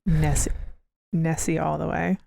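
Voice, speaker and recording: A chatty woman co-hosting a casual podcast, quick to laugh. Her voice has a gravelly fry, and the recording is close and dry. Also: sits low, little pitch movement, dark tone, no echo. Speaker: podcast co-host. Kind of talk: casual chat.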